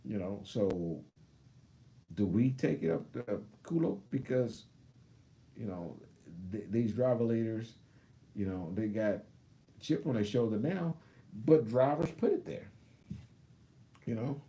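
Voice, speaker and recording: A man's voice: lowish voice, expressive, slow pace, pauses often, mellow. A man in his fifties, a truck driver, telling a rambling story on a live stream and backing up to restart often. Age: 50s. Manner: rambling, backtracks and restarts, acts out both sides of a story.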